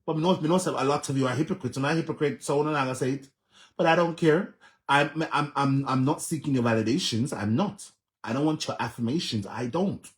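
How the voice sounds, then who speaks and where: Man, Jamaican accent, vlog host, emphatic, repetitive, medium pitch. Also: fairly quick. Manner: emphatic, repeats himself, laughs often. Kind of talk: reaction commentary.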